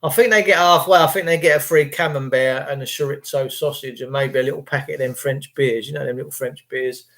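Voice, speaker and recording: Rambling, crude English bloke. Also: male voice, medium pitch, fairly even intonation, brisk, few pauses, fairly bright tone. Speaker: livestream host reading chat. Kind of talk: rambling casual monologue.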